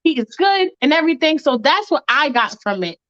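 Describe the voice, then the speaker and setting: A high-pitched woman talks in a loose, animated podcast chat and acts out her own reactions as she tells a story. The audio sounds muffled and lo-fi. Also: brisk, no echo. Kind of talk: casual chat.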